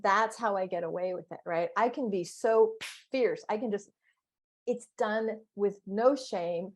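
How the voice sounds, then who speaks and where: A woman coach telling stories in a casual interview chat, playful and animated, with big exclamations. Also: mid-range voice.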